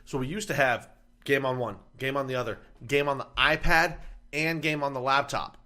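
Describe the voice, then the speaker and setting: Animated, bright-voiced male podcast co-host. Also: mid-range voice, moderate pace. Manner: profane, animated storytelling. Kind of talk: casual chat.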